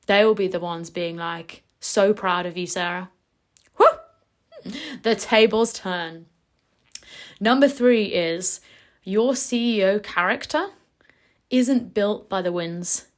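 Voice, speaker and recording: A woman's voice: medium pitch, slow, pauses often. A woman hosting a motivational podcast as a business coach, talking emphatically and energetically with casual swearing.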